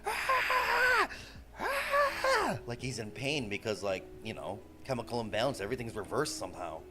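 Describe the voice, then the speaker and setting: A man's voice: on the low side, fast. A man in his forties telling stories in loose, profane casual chat, often tossing in "bro". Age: 40s. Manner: loose, profane, animated, says "bro" a lot. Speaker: streamer.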